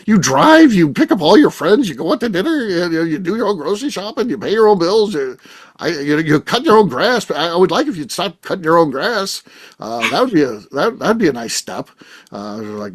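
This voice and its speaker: A middle-aged man hosting a podcast, telling a rambling story in casual chat, animated and swearing freely. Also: a little high, brisk, husky. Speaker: podcast host.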